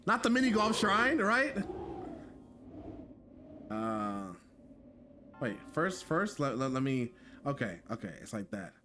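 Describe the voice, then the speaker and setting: A man streaming a game live, talking to his chat in a jokey, excitable way and repeating himself when flustered. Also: medium pitch, takes it slowly, pauses often, soft background music. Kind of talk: live gameplay commentary.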